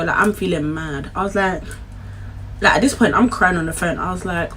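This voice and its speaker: A 21-year-old woman telling a story time vlog in an animated, chatty way, laughing between lines. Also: lowish voice, moderate pace, slight background noise. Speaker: vlogger.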